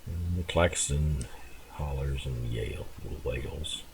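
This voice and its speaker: A man giving relaxed, rambling commentary while playing a game, chuckling and restarting his thoughts as he goes. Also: a bass voice, slow pace, background noise. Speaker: gameplay commentator. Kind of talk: casual gameplay commentary.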